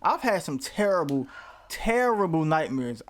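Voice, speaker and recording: A man's voice: fairly high pitch, very animated, unhurried. A man hosting a movie reaction who jokes and talks back to the screen, now and then breaking into mock screams. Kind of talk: casual chat over a movie.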